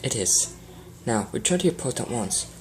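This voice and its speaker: A woman's voice: very deep voice, very animated, moderate pace, a little mellow, a little hiss or hum. A woman reading a fan story and voicing a cold, commanding pony mare who speaks curtly and sternly. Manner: curt and stern.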